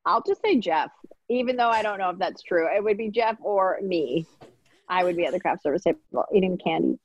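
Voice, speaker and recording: A young actress chatting in an interview, telling stories in a giggly, animated way. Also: female voice, lowish voice, a little fast, husky, dry recording, muffled recording. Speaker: actress interviewed about a series. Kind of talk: casual interview chat.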